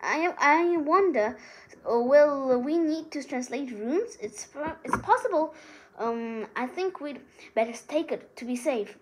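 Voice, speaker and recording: A woman's voice: high-pitched, lively intonation, a little slow, a little hiss or hum, pitched above the performer's own voice, poor audio. A woman voicing an anxious, bookish teenage witch who talks earnestly and stammers. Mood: determined.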